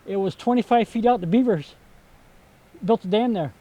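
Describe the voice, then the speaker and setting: An older man giving a casual outdoor tour of his rural property, telling stories in a folksy, halting way with many fillers. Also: sits high, mellow, low-quality recording. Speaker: vegetable stand owner. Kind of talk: casual chat on a walking tour.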